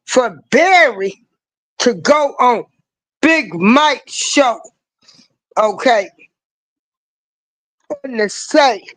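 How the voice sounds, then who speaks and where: Older woman commentator, slangy, drawn-out rant, animated pitch. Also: dry recording, poor audio. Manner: emphatic, hammering repeated rhetorical questions; slangy, swings between rising cries and low asides. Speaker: online commentator. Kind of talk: ranting political commentary.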